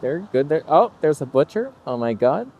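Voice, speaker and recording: A man's voice: a little high, very animated, moderate pace, narrow, tinny audio. Wry rambling man vlogging around town. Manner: wry, rambling, jokey storytelling. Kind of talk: casual vlog chat. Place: walking outdoors in a small town.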